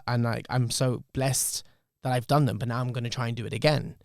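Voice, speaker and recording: A man, speaking on a podcast in an emotional, reflective way. His voice sits at an ordinary middle pitch. It is recorded close and dry, with no room sound at all. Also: steady tone, fast, few pauses, no echo. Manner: emotional, reflective, swears freely. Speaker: podcast host. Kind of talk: candid podcast storytelling.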